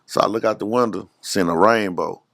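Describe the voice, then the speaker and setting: Gravelly deep-voiced man. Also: fairly quick, fairly bright tone, dry recording, clean studio sound. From Dallas, Texas. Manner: earnest storyteller who reenacts his own prayers. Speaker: guest. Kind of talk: testimony in a podcast interview.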